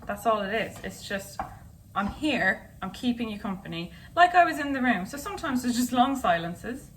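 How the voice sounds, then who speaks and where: A woman's voice: fairly high pitch, very animated, normal speed. Chatty woman cooking. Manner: chatty, jokey, rambling. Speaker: vlogger host. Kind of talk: casual chat while cooking. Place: home kitchen. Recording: distant camera mic with noise.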